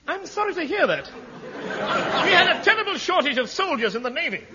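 A high, swooping voice for a blustering old admiral, pompous and bumbling, sputtering through his words in a 1950s radio comedy. The recording is dull and old, with loud audience laughter and hiss behind him. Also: very animated, brisk, long reverb tail, a loud crowd. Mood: smug. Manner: sputtering, bumbling, repeats "what" in bursts.

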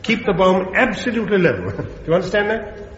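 A man's voice: sits high, sing-song, fairly quick, a bit bright. An actor playing a jolly, flippant bomb-disposal officer who chuckles as he talks. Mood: breezy. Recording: dull, roomy sitcom soundtrack with long reverb and noise.

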